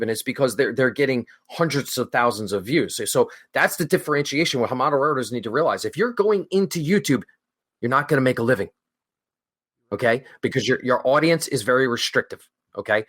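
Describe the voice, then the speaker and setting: A man's voice: mid-range voice, fairly bright tone. A man talking as a guest on a hobby podcast, driving his points home emphatically, repeating them and checking in with "okay?". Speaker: guest, model railroader. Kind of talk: casual interview talk.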